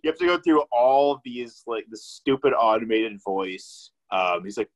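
A man's voice: medium pitch, animated, normal speed, hardly any pauses, poor audio. A young man hosting a podcast, chatting in a laid-back way, swearing often and leaning on fillers. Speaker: podcast host. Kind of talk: casual chat.

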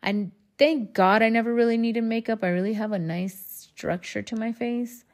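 A woman's voice: fairly high pitch, normal speed. A woman hosting her own podcast, talking candidly and rambling, swearing freely and calling her listeners y'all. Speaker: podcast host. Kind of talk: casual solo podcast monologue.

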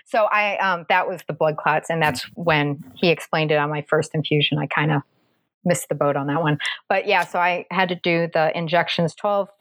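A woman casually telling a personal story, animated and acting out the voices of the people in it. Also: normal speed, dry recording. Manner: animated, acts out quoted voices with pitch jumps.

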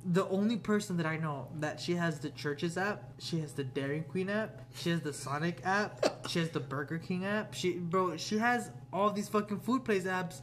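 Young man, high-pitched, animated storyteller, swears a lot, casual chat. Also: normal speed, few pauses, a little hiss or hum.

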